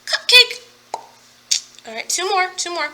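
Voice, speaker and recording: Young woman teacher doing a phonics class, high voice that bounces all over, slow and bright. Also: sing-song. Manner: upbeat, playful, slow and emphatic. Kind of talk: online phonics lesson.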